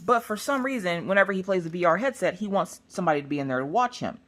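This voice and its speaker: A woman crafting vlogger chatting casually, telling family stories with lots of restarts and acted-out voices. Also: quick pace. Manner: animated, acts out family members in shrill high voices; chatty, with many restarts and "look, listen". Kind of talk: casual storytelling chat.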